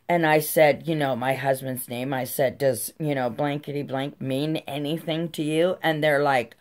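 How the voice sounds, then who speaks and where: Brief: middle-aged woman vlogger, deep low voice, drawn-out pace, frank and profane. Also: darkish tone. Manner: blunt, swears freely, laughs while telling. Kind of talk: casual storytelling.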